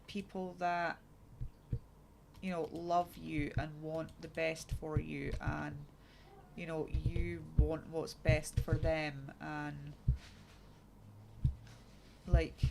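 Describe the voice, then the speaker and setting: A woman's voice: fairly low pitch, creaky. A woman in her thirties streaming a game, chatting casually and frankly with lots of fillers. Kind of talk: casual chat while gaming. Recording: noisy, keyboard clicks behind.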